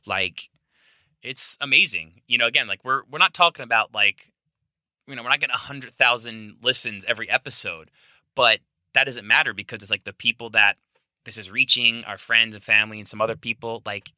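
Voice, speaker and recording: Bright-toned man in casual podcast chat. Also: mid-range voice, fairly quick, no room sound, clean studio sound. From United States. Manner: relaxed, filler-heavy, laughs easily. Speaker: podcast co-host.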